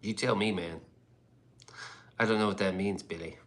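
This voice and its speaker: A man's voice: deep voice, steady tone, moderate pace, a bit bright. A man hosting a livestream in rambling casual chat, profane and loose, often laughing. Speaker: livestream host.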